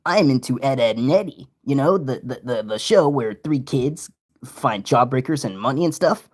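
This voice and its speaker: A man's voice: medium pitch, lively intonation, normal speed, natural voice. A young man voicing a boastful cartoon pirate who introduces cartoons in a hammy, announcer-like way.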